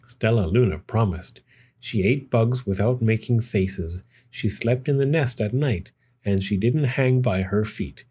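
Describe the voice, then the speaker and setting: Gentle, husky male storybook reader. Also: lowish voice, unhurried. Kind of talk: children's picture book read aloud.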